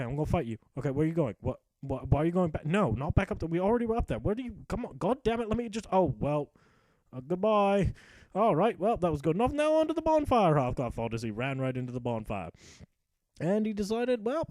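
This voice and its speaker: Young male gamer spinning a profane mock-epic tale over his play; mellow voice, swooping lively delivery. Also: on the high side, no room sound, rough recording. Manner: profane, sarcastic storyteller voicing his character. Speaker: gameplay commentator. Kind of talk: mock-epic narration of gameplay.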